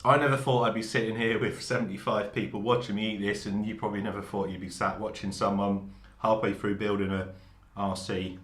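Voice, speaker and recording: Here a man with a lowish but fairly bright voice speaks a little fast and flatly, barely pausing, while he jokes, eats and laughs between bites on a hobby live stream. The audio comes from a room mic, not a lav, and has echo plus faint background noise.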